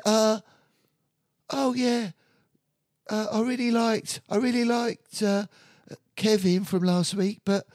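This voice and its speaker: A man's voice: high-pitched, a little mellow, dry recording, clean studio sound, voice pushed up. A man voicing a young woman on a dating show who stammers and hesitates. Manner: halting, stammering, full of ums.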